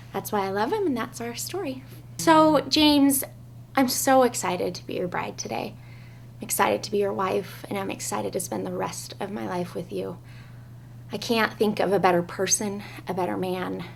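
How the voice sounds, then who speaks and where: A young adult woman, a bride, earnestly telling her love story and reading her wedding vows, with frequent "um" pauses. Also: mid-range voice, creaky, slight background noise.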